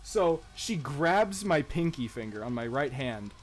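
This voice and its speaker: A man's voice: fairly high pitch, measured pace, a little hiss or hum. A young man and podcast co-host, telling a story in casual chat, swearing freely and laughing as he goes. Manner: profane, laughing, animated retelling.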